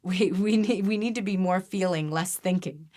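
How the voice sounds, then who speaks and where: Low-pitched lady healer on a podcast, earnest, kinda preachy-teachy, lots of restarts. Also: moderate pace, dark tone. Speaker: energy healer guest. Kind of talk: podcast interview.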